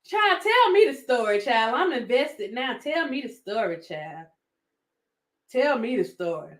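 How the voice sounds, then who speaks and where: A woman's voice: on the high side, sing-song, a little slow. A woman with a Southern American accent, hosting a casual commentary vlog, sassy and laughing often as she talks to her viewers. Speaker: YouTube commentary host.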